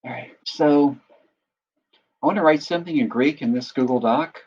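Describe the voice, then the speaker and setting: A man acting as instructor, patiently walking through a software tutorial and often checking in with listeners. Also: fairly high pitch, moderate pace, breathy edge, lo-fi sound. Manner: patient step-by-step explaining, often checks in with "right?". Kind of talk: screen-recorded software tutorial.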